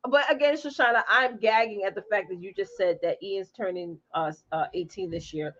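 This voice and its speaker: A woman's voice: medium pitch, normal speed, hardly any pauses, a bit bright, dull audio. A woman in her forties chatting casually from home, reading out viewer comments and talking straight to them. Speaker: live stream host. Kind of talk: casual chat with live viewers.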